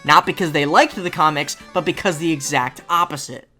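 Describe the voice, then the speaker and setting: A woman hosting a reaction commentary video, animated and sarcastic with sudden exclamations. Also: low-pitched, fairly quick, soft background music. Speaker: host.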